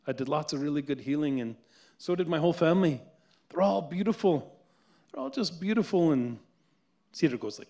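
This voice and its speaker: A man's voice: on the high side, expressive, a little fast, long pauses, mellow. A Canadian man talking earnestly at a public event, often repeating words as he reflects. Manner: earnest, repeats words while searching for them. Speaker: author and guest speaker.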